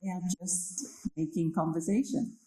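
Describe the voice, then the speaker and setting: A woman from Kenya giving a spiritual talk on meditation, slow and reflective, often checking in with her listeners. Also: on the low side, animated, warm tone. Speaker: meditation speaker. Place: library hall. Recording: echoey hall.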